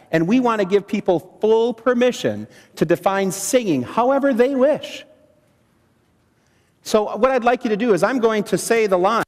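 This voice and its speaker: A man presenting a training seminar, quizzing the audience and using dramatic pauses. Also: high voice. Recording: long hall reverb.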